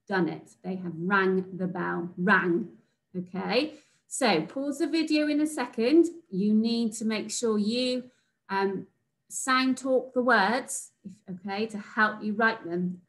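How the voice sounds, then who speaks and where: A woman teacher from England giving a recorded phonics lesson to young children, sounding out letters slowly and praising them. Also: medium pitch, a bit bright, poor audio. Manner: slow, sing-song, sounds out letters and praises. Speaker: reception class teacher.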